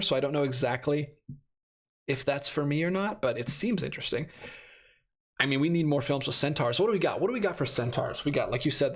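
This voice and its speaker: A man's voice: a little high, a bit bright. A man in his thirties hosting a casual live stream, rambling and correcting himself as he reads out chat comments, his voice a little worn. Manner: rambling, self-correcting, laughs often. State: losing his voice. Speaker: host of a live stream about movie releases.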